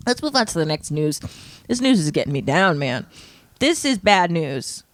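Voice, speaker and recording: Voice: medium pitch, big pitch swings, measured pace, fairly bright tone, no echo. Giggly co-host with a swooping voice. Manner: giggly, swooping playful delivery. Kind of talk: casual comedic news chat.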